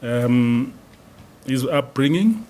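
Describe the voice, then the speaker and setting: A man speaks unhurriedly in a mid-range voice, pausing to fill gaps with ums and uhs as he responds off the cuff. A faint noise sits under the recording. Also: mid-range voice, expressive, warm tone. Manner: hesitant, frequent ums and uhs. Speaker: acting dean responding to a lecture. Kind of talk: unscripted response.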